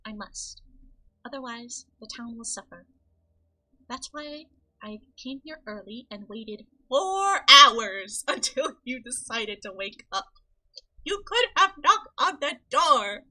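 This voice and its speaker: A woman's voice: on the high side, moderate pace, pauses often, a bit bright, husky, low-quality recording. A woman reading the lines of a proud, dutiful young noblewoman from a video game. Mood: stiff.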